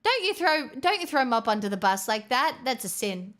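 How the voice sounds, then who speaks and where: A woman's voice: a little high, very animated, moderate pace, fairly bright tone. Bubbly rambling woman streamer. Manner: bubbly, rambling, self-mocking. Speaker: livestreamer. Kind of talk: casual livestream chat. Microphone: headset.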